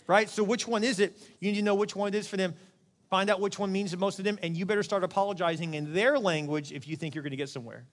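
Animated middle-aged man preaching. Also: high-pitched, fast talker, big-room sound. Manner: animated and conversational, acting out quoted voices. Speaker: pastor. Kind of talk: sermon.

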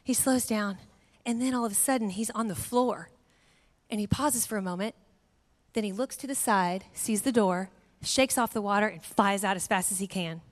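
A middle-aged woman giving a sermon, telling a family story in a lively way and acting out voices. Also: medium pitch, normal speed. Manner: animated storyteller, acts out voices. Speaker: guest speaker. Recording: long hall reverb.

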